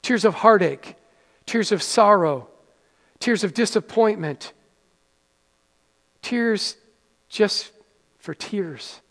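A middle-aged man preaching a sermon in a church in a conversational way, stumbling over restarts and sinking to soft, quiet lows. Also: takes it slowly, long pauses. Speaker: pastor. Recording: long hall reverb.

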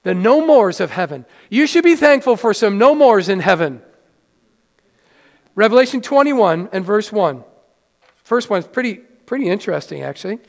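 High-voiced pastor preaching in a reverberant hall. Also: male voice, very animated, moderate pace, creaky. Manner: conversational preaching with many restarts, dropping to soft lows. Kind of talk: sermon.

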